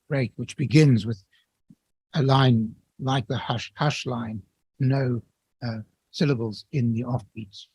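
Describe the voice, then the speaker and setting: A man giving an academic lecture in a measured, explanatory way, with occasional restarts. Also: medium pitch, a little mellow, slightly rough, poor audio.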